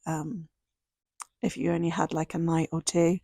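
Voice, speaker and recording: A woman's voice: low-pitched, little pitch movement, moderate pace, vocal fry, mellow, dry recording, studio quality. A young woman vlogger giving a rambling, casual travel recap, laughing often between thoughts.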